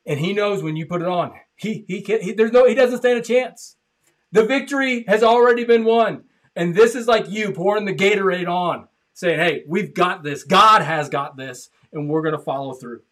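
A man preaching as a pastor, passionate, repeating phrases and swinging from loud declarations to hushed appeals. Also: high-pitched, normal speed. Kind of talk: sermon. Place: church.

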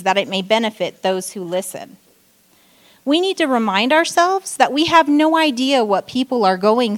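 Female church speaker, short sermon, story-driven and animated in quoted lines. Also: fairly high pitch. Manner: storytelling, acting out quoted outbursts. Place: church stage.

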